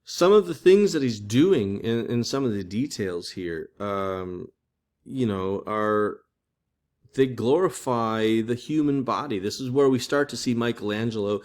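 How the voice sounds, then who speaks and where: A male art history professor lectures in a casual, chatty way. His voice sits at a middle pitch, and he often restarts and fills pauses as he goes. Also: animated, a little mellow. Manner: chatty, with many fillers and restarts.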